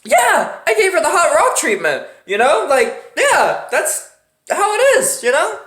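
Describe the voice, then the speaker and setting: A man imitating a smug, upbeat female masseuse in a high, breezy voice while telling a story. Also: huge pitch swings, measured pace, sharp tone, roomy sound, full character voice. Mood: chirpy.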